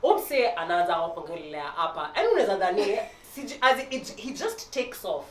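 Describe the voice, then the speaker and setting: Kenyan female host, lively high voice, playful chat, distant mic in a roomy space with live music behind. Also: brisk. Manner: animated, playful storytelling. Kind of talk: casual chat mixing Swahili and English.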